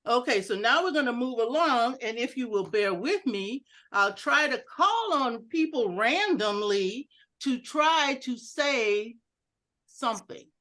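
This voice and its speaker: With a fairly high-pitched voice and a measured pace, a woman presents educational material to a club on a video call. Animated and playful, she acts out one sentence in several inflections as part of an online talk that includes audience exercises.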